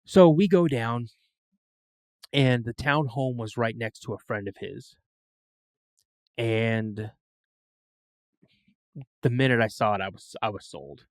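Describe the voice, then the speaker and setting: A man's voice: medium pitch, slow pace, gravelly, long pauses, dry recording. Man telling a story, dry sound. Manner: animated, acts out quoted voices. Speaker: podcast guest. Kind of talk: casual storytelling.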